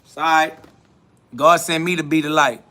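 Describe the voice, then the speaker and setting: A man's voice: fairly high pitch, steady tone, moderate pace, bright, forceful tone. A man hosting a live stream, boasting and trash-talking in a preachy, repetitive way, answering viewers' comments.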